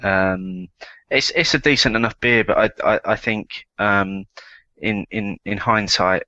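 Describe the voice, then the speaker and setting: Hesitant low-voiced man, bright tone. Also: unhurried, no echo, dull audio. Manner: hesitant, repeats words, thoughtful. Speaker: podcast co-host. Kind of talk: casual chat.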